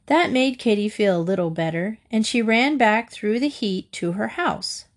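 A woman narrating a children's storybook in a gentle, measured reading voice. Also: mid-range voice, animated.

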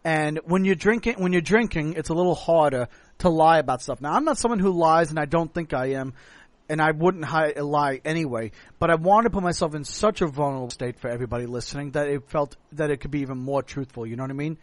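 A man's voice: fairly high pitch, fast talker, no room sound. Tipsy rambling American man, host. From United States. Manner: long-winded, rambling. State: tipsy from drinking. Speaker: podcast host. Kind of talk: casual chat.

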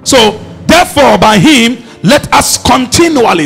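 A man preaching a sermon, emphatic and rising to shouts as he calls on the congregation to respond. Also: very high-pitched, very animated, unhurried, creaky, hardly any pauses, breathy edge, faint music behind.

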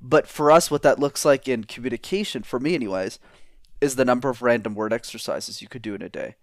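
A man's voice: medium pitch, brisk, no echo, studio quality. A man talking as a guest in an interview, coaching on public speaking and shifting his tone up and down to demonstrate. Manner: animated, demonstrates vocal tones. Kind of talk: energetic interview talk.

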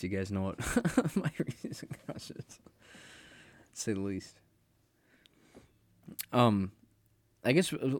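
A man's voice: lowish voice, darkish tone, dry recording. Blunt, rambling young man, dry sound. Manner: rambling and blunt, swears freely. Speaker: podcast host. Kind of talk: casual solo podcast monologue.

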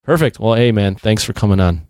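A man's voice: lowish voice, expressive, a little fast, darkish tone, no echo, clean studio sound. A man hosting a podcast, chatting casually with a guest, easygoing, retelling funny moments with quoted bits. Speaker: podcast host. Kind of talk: casual interview chat.

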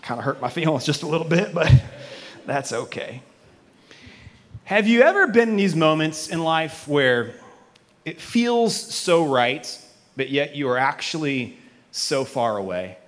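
High-voiced, joking preacher telling a story. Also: male voice, sing-song, moderate pace, fairly bright tone, big-room sound. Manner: casual, joking, self-deprecating storyteller; acts out his own past reactions. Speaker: pastor. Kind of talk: sermon with a personal story. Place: church auditorium with a live congregation.

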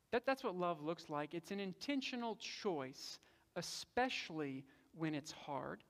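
A man's voice: high-pitched, a bit bright. Earnest male pastor in a reverberant hall. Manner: earnest, conversational, frequent word repeats. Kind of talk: sermon.

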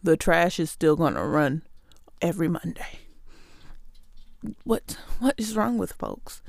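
A woman's voice: lowish voice, animated, a little slow, gravelly, a little mellow, dry recording. A woman hosting a show, delivering a sarcastic, exasperated comedic rant straight to her listeners. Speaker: podcast host.

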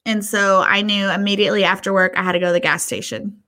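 This podcast co-host speaks quickly in a mid-range voice while spinning a story during relaxed conversation. She curses without holding back and performs other people's lines as she goes, keeping things lively.

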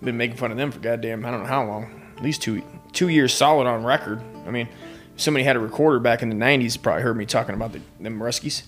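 A man's voice: medium pitch, fast, soft background music. A man doing a profane, rambling comedy rant that slips into sing-song bits. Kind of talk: crude improvised comedy rant.

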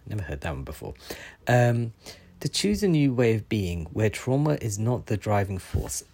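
A man with a low, husky voice hosts a daily oracle card reading. He reads the card's message at an unhurried pace, then drifts into loose, musing commentary full of ums and asides. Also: big pitch swings, darkish tone, dry recording.

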